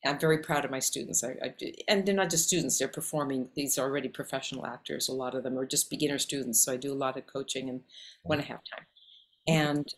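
A woman from Canada with a Canadian accent, an actress and acting coach talking animatedly in an interview, often rattling off lists. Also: a bass voice. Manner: animated, talks in quick lists. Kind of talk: casual interview conversation.

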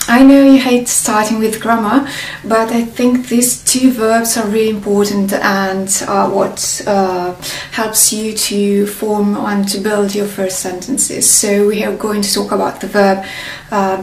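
A woman with a Northern Italian accent gives a slow beginner language lesson, taking her time and leaving pauses between drilled words. Her native Italian shapes her English. She sounds a little off-mic in a roomy, echoing space with faint background noise. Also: medium pitch, darkish tone, recorded from a distance. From northern Italy. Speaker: language teacher.

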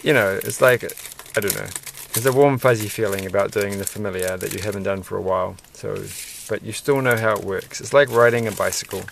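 A man's voice: lowish voice, brisk, vocal fry, few pauses, fairly bright tone, slight background noise. A man casually rambling and musing aloud as he builds a toy set, mildly self-deprecating.

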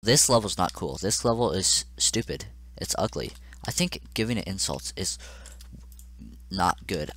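A young man with a lowish voice narrates his own gameplay, swinging between groans, pleading and cheers as he talks straight to the game. Keyboard typing clicks away behind him. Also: animated, moderate pace, a bit bright. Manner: frustrated, exclamatory, talking to the game. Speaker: gaming channel host. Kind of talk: let's play commentary.

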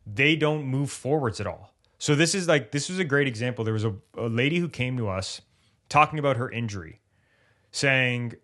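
A man co-hosting a podcast on sports injury recovery, who talks casually and acts out the thoughts of injured athletes in lively bursts. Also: mid-range voice, moderate pace. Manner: animated, acts out athletes' inner voices.

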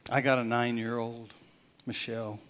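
An older male pastor preaching a Father's Day sermon, swinging from loud, emphatic points to soft, near-whispered storytelling. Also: medium pitch, flat delivery, moderate pace.

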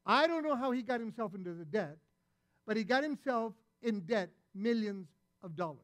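A man preaching a sermon as pastor, retelling a parable and acting out its voices with animated delivery. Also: high-pitched, normal speed, dry recording.

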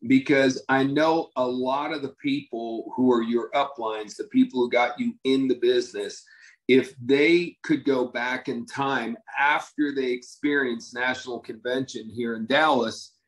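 A man gives a motivational talk to his business team, telling stories with easy enthusiasm. His voice sits at an ordinary middle pitch. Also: steady tone, unhurried, poor audio. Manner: enthusiastic storyteller, conversational. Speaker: company leader addressing his team.

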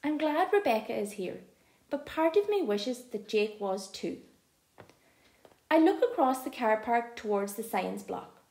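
A woman reading a first-person audiobook aloud in an expressive, lively storytelling manner. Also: fairly high pitch. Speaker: audiobook narrator. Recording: echoey room.

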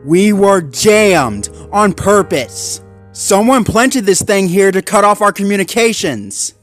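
A man's voice: high voice, animated, moderate pace, faint music behind, voice pushed up. A man voicing a blunt, bitter young male rescue dog who growls and snaps back.

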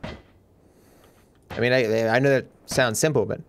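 A man's voice: mid-range voice, fairly even intonation, slow, slight background noise. An Australian man livestreaming a game, chatting offhand and answering viewers' questions. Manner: offhand, reads and answers chat. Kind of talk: casual chat while gaming.

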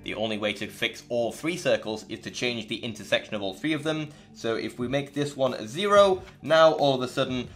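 A man walks through a math lesson in clear, methodical narration, dropping in a few dry jokes along the way. His voice sits at an ordinary middle pitch. Soft music plays quietly underneath. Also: lively intonation, brisk, few pauses. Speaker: math educator and channel host. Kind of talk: scripted explanatory narration.

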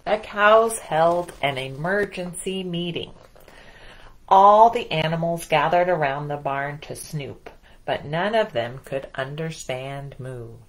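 A woman librarian reading a picture book aloud at children's storytime, animated and asking the kids questions. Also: sits low, slow pace, low-quality recording.

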